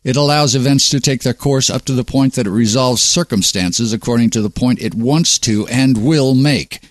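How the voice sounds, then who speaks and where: A man's voice: medium pitch, moderate pace, dry recording. Sardonic man reading a monologue. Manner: sardonic, preachy delivery. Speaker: host.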